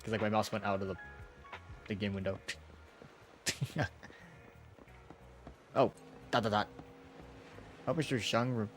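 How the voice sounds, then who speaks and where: A man casually playing and narrating a game, chatty and quick to laugh. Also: lowish voice, soft background music. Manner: chatty, giggly. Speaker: game streamer. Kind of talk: casual let's-play commentary and reading narration.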